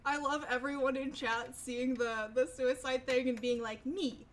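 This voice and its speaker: A woman's voice: sits high, level tone, normal speed, a little hiss or hum. A young woman chatting casually with her stream viewers, rambling and swearing freely. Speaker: livestreamer.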